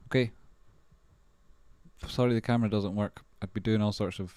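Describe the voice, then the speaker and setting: A low-voiced man hosts a casual livestream, swearing freely and rambling as he jumps from one thing to the next. The sound is close and dry, with no room echo. His talk is loose and excitable. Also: normal speed, pauses often. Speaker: livestream host.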